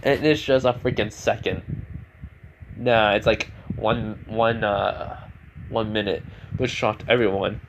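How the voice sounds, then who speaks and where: A man's voice: fairly low pitch, steady tone, slow, a little hiss or hum, low-quality recording. A man casually retelling his fan story at home, rambling with many restarts. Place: home room with a fan running.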